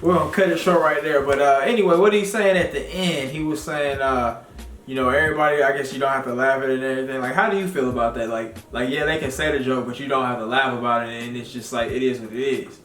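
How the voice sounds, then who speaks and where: A man's voice: mid-range voice, fast, fairly bright tone, recorded from a distance. A man hosting a casual chat, asking questions and acting out examples. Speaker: host. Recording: echoey room, off-mic.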